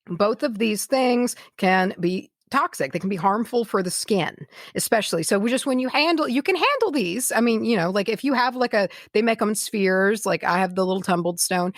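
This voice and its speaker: A woman's voice: medium pitch, expressive, moderate pace, few pauses, dry recording, studio quality. A woman co-hosting a casual podcast, rambling through an explanation with many fillers and restarts. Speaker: podcast co-host. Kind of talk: casual chat.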